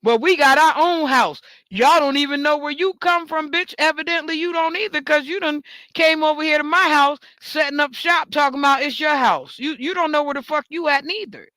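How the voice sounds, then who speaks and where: A woman rants straight into the mic in a high, bright voice. She swears freely and repeats words for emphasis, and the dry recording has no room sound. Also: a little fast, few pauses, no echo. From New York. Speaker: talk show host. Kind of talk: ranting monologue.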